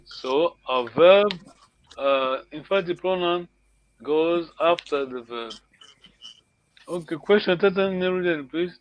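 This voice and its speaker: Encouraging high-voiced male teacher. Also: takes it slowly, pauses often, dull audio. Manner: encouraging, corrects students patiently. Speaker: language teacher. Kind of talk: online language class.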